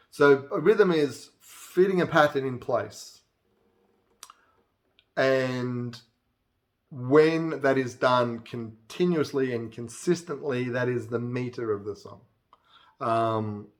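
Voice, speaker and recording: A man casually teaching music theory, counting beats aloud and now and then singing a line. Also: mid-range voice. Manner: chatty, counts beats aloud and breaks into song. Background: acoustic guitar playing.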